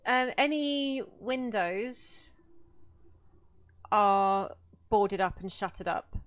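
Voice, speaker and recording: Woman, game master, slow descriptive narration, dry close sound. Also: medium pitch, lively intonation, no echo.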